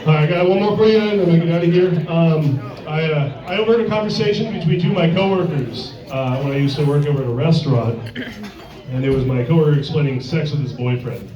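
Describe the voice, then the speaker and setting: A man's voice: fairly high pitch, quick pace. A man doing a stand-up comedy set in a sports bar, crude and rambling, full of filler words. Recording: echoey bar, distant dull mic, crowd.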